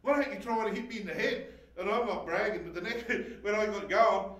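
A man preaching a personal sermon testimony, emotional and swinging between shouting and hushed talk, laughing often. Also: high-pitched, brisk. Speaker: pastor. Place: church hall. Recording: echoey hall, voice heard from a distance.

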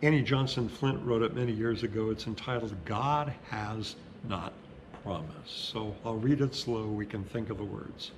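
A middle-aged male pastor who preaches in a conversational, storytelling way and slows down for emphasis. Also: on the low side, background noise. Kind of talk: sermon.

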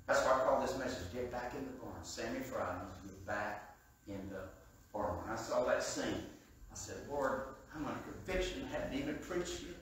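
An older man preaching a sermon, telling stories that swing from soft asides to loud, emphatic peaks. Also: medium pitch, expressive, normal speed, slight background noise. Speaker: evangelist preacher. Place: church sanctuary. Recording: echoey church room heard from a distance.

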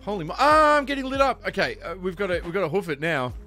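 A man streaming a Minecraft speedrun, chatting casually with his co-host and chat, excitable and quick to laugh. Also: high-pitched. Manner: excitable, yelps and laughs at in-game scares. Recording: faint music behind.

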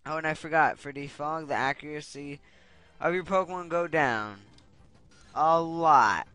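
A man's voice: a little high, normal speed, a bit bright, smooth, no echo. A young man giving casual gameplay commentary, getting frustrated and swearing as he rants. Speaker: Let's Play commentator. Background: game music.

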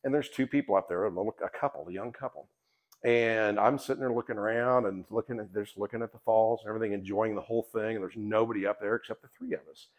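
Middle-aged host, low voice, folksy and loose, swears casually, easy storytelling delivery. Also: male voice, fairly even intonation, fast talker. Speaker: podcast host and guidebook author. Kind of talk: casual promotional talk.

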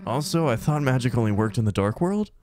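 A man voicing a gruff, brash teenage monster girl in a game, blunt and swearing. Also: medium pitch, animated, brisk, a little mellow, lightly acted.

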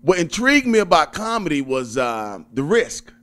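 A young comedian with a Southern accent chats easily in an interview. His voice sits a little high for a man, and he jokes and chuckles as he talks. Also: sing-song, normal speed, a bit bright. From Birmingham, Alabama. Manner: laid-back, jokey, chuckling often. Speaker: stand-up comedian guest. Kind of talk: casual interview chat.

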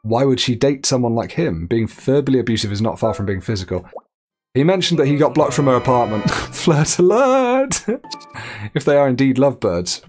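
A man's voice: medium pitch, lively intonation, fairly quick, a little mellow, faint music behind. A man streaming a game live, chatting, reading viewer messages aloud and laughing often.

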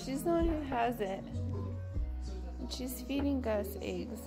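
High-voiced woman filming a home vlog. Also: expressive, slow pace, over music. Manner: cooing and scolding at her pets. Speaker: vlogger. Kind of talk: casual home vlog chat.

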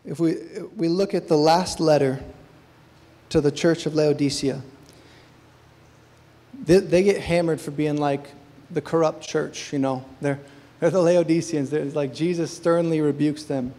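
A man's voice: a little high, steady tone, unhurried, warm tone. A man preaching a sermon at a church service, earnestly pressing his listeners with questions. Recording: long hall reverb.

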